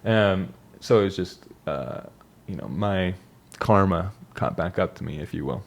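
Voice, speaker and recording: Young man, slightly low voice; loose, reflective monologue with frequent restarts. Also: a little slow, creaky. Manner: reflective, rambling with restarts and fillers. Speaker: vlogger. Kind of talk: casual personal monologue.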